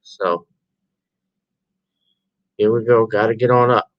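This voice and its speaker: A tired man chatting on his live stream in a loose, meandering way, often trailing off and starting over. His voice sits fairly low. It sounds dry and close, with little room around it. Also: fairly even intonation, takes it slowly, dry recording, lo-fi sound. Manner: rambling, loose and informal, trailing off into restarts. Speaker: livestream host. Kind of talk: casual live-stream chat.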